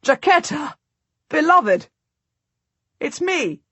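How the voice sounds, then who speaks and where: A woman's voice: lowish voice, moderate pace, breathy edge, dry recording. A woman reading an earnest knight husband. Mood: elated. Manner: earnest, emphatic.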